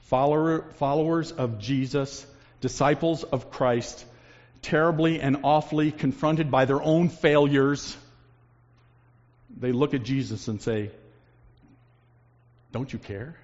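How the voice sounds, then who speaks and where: A man preaching a sermon as pastor, swinging between loud emphasis and hushed, low lines. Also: a little slow. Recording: long reverb, dull lo-fi sound.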